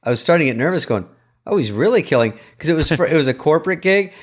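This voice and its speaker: A man with a fairly high voice that jumps all over in pitch, co-hosting a comedy podcast. He tells stories in a casual, chatty way and acts out other people's lines. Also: expressive, rapid-fire. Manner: storytelling, quotes people with shifting voices. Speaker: podcast co-host.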